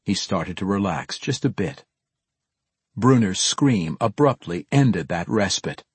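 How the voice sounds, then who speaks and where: A man narrating a fantasy audiobook in an expressive, dramatic reading style with a husky voice. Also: lowish voice, slow pace, no room sound.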